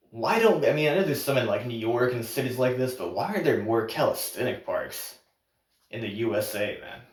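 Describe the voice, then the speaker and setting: A man's voice: medium pitch, recorded from a distance. A man casually telling a travel story as a podcast host, laid-back, swearing freely and laughing often. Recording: roomy echo, off the mic.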